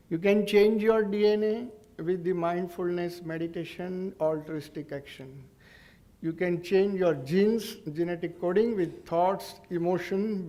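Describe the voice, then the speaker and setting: An Indian English man gives a public lecture as a neurologist. He speaks in a fairly high voice, earnest and explanatory, often pausing and restarting his sentences. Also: a little mellow.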